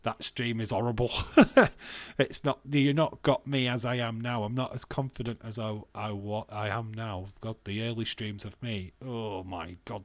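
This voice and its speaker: A man streaming casually, rambling and self-deprecating, with a stuffy, bunged-up nose and frequent laughs. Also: medium pitch. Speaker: wrestling streamer. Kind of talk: casual live-stream chat.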